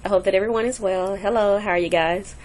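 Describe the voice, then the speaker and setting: A woman teaching a recorded language lesson, patiently repeating example words slowly to show the stress. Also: medium pitch, fairly even intonation, darkish tone, a little hiss or hum. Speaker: Spanish teacher.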